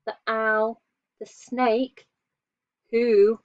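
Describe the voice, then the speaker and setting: A woman's voice: fairly high pitch, a little slow, no echo. A woman teaching young children in a patient lesson, asking them questions and praising them while she draws. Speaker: primary school teacher. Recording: dull lo-fi dry sound.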